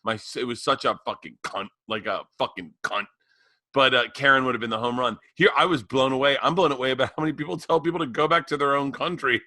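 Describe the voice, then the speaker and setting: A man's voice: fairly high pitch, quick pace, sharp tone, no echo. A man co-hosting a podcast, telling stories in casual chat, emphatic and profane. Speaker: podcast co-host.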